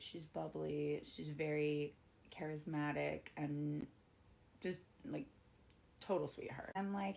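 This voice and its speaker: Woman, 30s, deep-ish voice, casual storytime delivery, animated when quoting people. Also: gravelly, slight background noise. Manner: chatty, animated quoting of others, lots of "like". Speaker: bartender.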